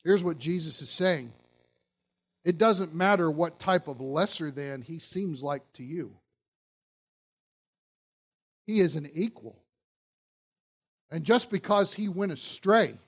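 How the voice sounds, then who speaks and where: A man's voice: on the high side, animated, takes it slowly, pauses often. A male pastor giving a sermon, emphatic and asking his listeners questions.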